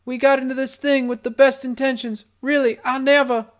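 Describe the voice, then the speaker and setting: A man's voice: very high voice, little pitch movement, fairly quick, pitched above the performer's own voice. A man voicing a terrified, stuttering male pony victim in a fan audiobook. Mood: pleading. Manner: stuttering, panicked.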